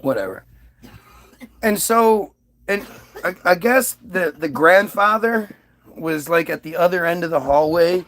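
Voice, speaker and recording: A man's voice: high voice, expressive, a little slow, pauses often, fairly bright tone. A father casually telling a personal story, aggrieved and profane, with many restarts.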